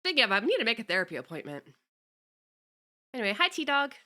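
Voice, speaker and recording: This young VTuber is a fast talker with a fairly high, sing-song and sharp voice. Chatting casually on stream, she greets her viewers and curses without much thought.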